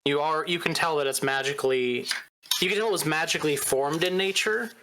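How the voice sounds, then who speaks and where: A man's voice: a little high, brisk, noisy background. A man running a tabletop game as game master, talking casually with restarts and fillers.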